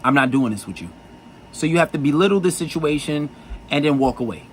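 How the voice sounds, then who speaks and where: A man's voice: a little high, lively intonation, brisk, slight background noise, low-quality recording. Blunt, profane man giving dating advice. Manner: blunt, profane and insistent, with lots of repetition. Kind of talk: blunt monologue to camera.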